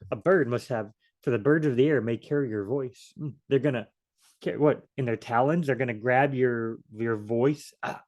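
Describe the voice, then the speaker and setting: Man for a relaxed Bible study walkthrough, rambling and joking, average pitch. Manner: chatty, thinks aloud, joking asides.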